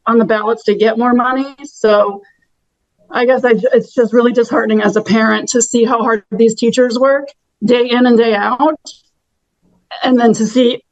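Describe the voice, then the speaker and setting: A woman calls into a city meeting by video as a concerned parent, earnest and a little halting in her frustration. Her voice is fairly high. The audio is dull and dry, with no room around it. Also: darkish tone, no room sound. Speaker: parent giving public comment. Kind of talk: public comment by video call. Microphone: video call. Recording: muffled video call audio.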